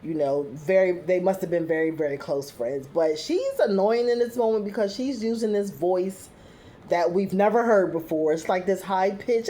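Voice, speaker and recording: A woman's voice: on the low side, moderate pace, warm tone, slight background noise. A young adult woman giving a casual recap review, chatty and full of fillers, with blunt, sassy asides.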